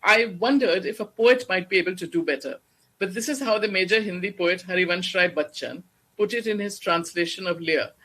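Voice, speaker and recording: Bright voice, mid pitch, academic lecture, measured and explanatory. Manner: measured, explanatory, slows down to recite verse. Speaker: guest lecturer on Shakespeare.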